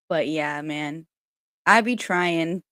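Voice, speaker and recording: A woman with a lowish voice talks in a loose, candid livestream chat, cursing freely and rambling between stories. The sound is dry and close, with no room echo, as she speaks from home. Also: a bit bright. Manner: candid, chatty and profane, with frequent laughs. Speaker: spiritual reader and channel host.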